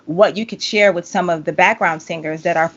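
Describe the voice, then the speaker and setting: A woman in her forties hosting a podcast, playful and animated with quick asides. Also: fairly low pitch. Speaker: podcast host and singer. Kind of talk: casual interview chat. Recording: dull lo-fi audio.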